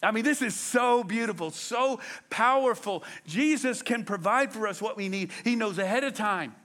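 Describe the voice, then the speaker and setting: A man preaching a sermon with a high, lively voice. His delivery is conversational and animated, full of dramatic swings from low murmurs to excited highs. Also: moderate pace. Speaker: pastor.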